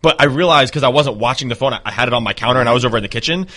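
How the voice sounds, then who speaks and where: A man co-hosting a podcast, recounting events in a fast, animated and profane way. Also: medium pitch. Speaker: podcast co-host. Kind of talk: casual podcast banter.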